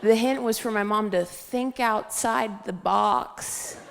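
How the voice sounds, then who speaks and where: A young adult woman doing a stand-up set on stage, telling stories deadpan and slipping into squeaky voices for quoted people. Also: slow, gravelly, slight background noise. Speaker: stand-up comedian. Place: live comedy stage, audience laughter. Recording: live stage mic in a hall.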